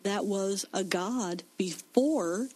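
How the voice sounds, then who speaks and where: A woman with a mid-range voice teaches from scripture in a Christian discussion. She stresses key words with force and pauses to let points sink in. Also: mid-range voice, a little mellow, slightly rough, low-quality recording.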